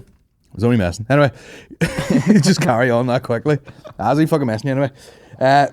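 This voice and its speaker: A man's voice: medium pitch, fast talker, a little mellow, no echo, studio quality. A young man hosting a podcast, rambling through stories with lots of swearing and laughter. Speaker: podcast host. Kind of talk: casual chat.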